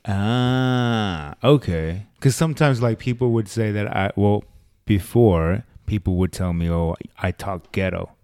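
A man's voice: on the low side, a little slow, dark tone, smooth, dry recording. Curious young man, dry close sound. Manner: curious, laughing, prods with questions. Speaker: conversation partner. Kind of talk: casual chat.

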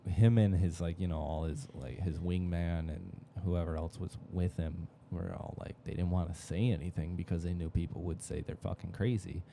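A man's voice: low voice, fairly even intonation, normal speed, gravelly, few pauses, mellow, a little hiss or hum. A young man co-hosting a podcast, talking casually in a rambling way full of fillers and the odd swear word. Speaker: podcast co-host. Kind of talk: casual chat.

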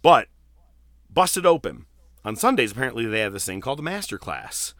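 A man hosting a casual wrestling podcast, telling stories in a profane, animated way. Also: mid-range voice, a little fast, dry recording, clean studio sound. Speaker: podcast host.

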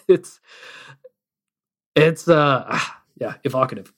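A man's voice: medium pitch, a bit bright. Reflective man in podcast chat. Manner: reflective, pauses with "um". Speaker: podcast co-host. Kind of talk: casual chat about an album.

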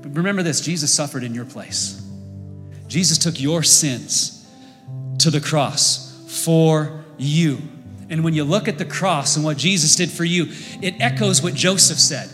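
A man preaching a sermon as pastor, impassioned, building to loud emphatic peaks. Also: fairly high pitch, unhurried. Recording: long reverb with faint music.

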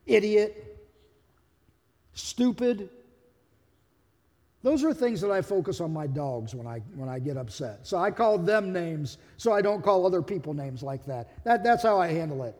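A man's voice: on the high side, sing-song, brisk, few pauses, a little mellow, long reverb tail. A man who is a pastor, delivering a sermon in a conversational, humorous way and acting out quotes.

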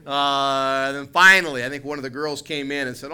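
A middle-aged pastor with a Southern US accent, preaching a sermon with humorous stories that build into emphatic points. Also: male voice, on the high side, brisk, hardly any pauses, sharp tone, clear, resonant tone.

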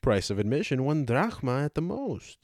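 A man's voice: medium pitch, very animated, normal speed, darkish tone, no room sound, clean studio sound. A man reading the part of an aged male philosopher, cross-examining with rhetorical questions, for a dramatized audiobook. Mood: indignant.

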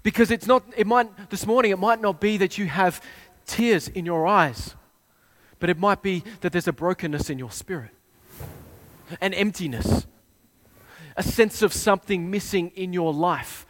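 A man preaching a sermon, retelling a scene with dramatic swings between hushed and loud delivery. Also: sits high, moderate pace.

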